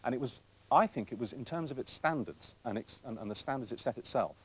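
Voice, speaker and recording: A middle-aged man, a TV presenter, telling self-deprecating anecdotes in an interview with quick asides. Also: mid-range voice, expressive, husky, low-quality recording. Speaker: TV presenter recalling his career.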